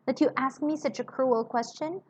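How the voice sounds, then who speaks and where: A woman doing a tearful pleading woman, high and emotional. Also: moderate pace, darkish tone, a little hiss or hum, natural voice. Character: tearful, loving middle-aged woman, emotional. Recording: dull lo-fi recording.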